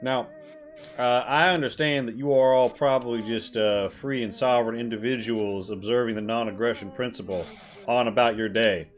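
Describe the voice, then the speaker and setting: Steady in tone, moderate in pace, and natural-sounding at a medium pitch, a game master portrays a folksy rural male soldier in a tabletop game who styles himself a sovereign patriot. The character drawls with a generic rural American hick accent and stumbles over many uhs, in an official mood.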